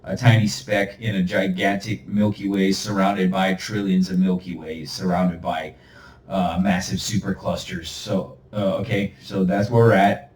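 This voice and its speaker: A man's voice: sits low, little pitch movement, unhurried, a little mellow. A man hosting a solo podcast monologue. He talks in a rambling, emphatic, preachy way and chuckles now and then. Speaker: podcast host. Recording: roomy, far from the mic.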